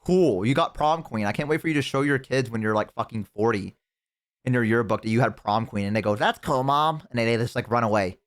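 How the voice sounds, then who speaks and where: A young man chatting casually on a live stream, telling stories and reading chat, swearing freely and jumping into loud excited bursts. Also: medium pitch, fast talker.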